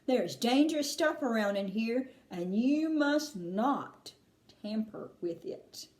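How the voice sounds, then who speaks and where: A bouncy, eccentric candy-maker, read out by a woman who hurries everyone along with a teasing, theatrical flair. His voice leaps high and low in a roomy, echoing space. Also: expressive, takes it slowly, darkish tone. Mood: brisk. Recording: roomy echo.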